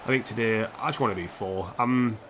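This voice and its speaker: Fairly low in pitch but fairly bright in tone, a man talks fairly quickly while streaming a football career mode. He's chatty and self-mocking, reacting to the match and replying to chat, with slight background noise behind him.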